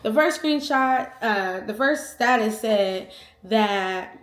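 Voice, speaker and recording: A young woman vlogger telling a personal story in a casual, slangy, animated way, acting out the quotes. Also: on the high side, takes it slowly. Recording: echoey room.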